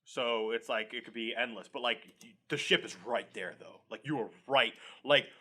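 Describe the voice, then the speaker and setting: A man's voice: mid-range voice, moderate pace, sharp tone, slightly rough. A man co-hosting a podcast, chatting casually, laughing often and swearing freely while retelling a story. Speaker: podcast co-host. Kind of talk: casual chat.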